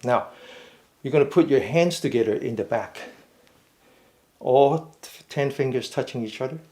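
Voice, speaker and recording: A man leading a mindful fitness class, giving slow, step-by-step stretching cues and often checking in with "okay?". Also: mid-range voice, darkish tone. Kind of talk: guided stretching instruction.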